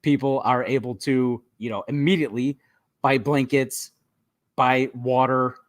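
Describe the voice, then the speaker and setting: A man's voice: mid-range voice, a little slow, no room sound. Guy cohosting a history podcast, laid back, lots of ums, dry close mic. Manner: relaxed, laughs often, many ums and restarts. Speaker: podcast co-host. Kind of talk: casual history podcast chat.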